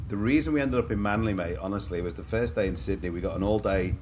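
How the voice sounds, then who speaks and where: A man's voice: on the low side, fast talker, a little mellow, a little hiss or hum. A middle-aged man from Liverpool with an English accent, a podcast guest telling his own stories in a chatty, anecdotal way and calling the host "mate". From Liverpool, England. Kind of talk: candid storytelling in a podcast interview.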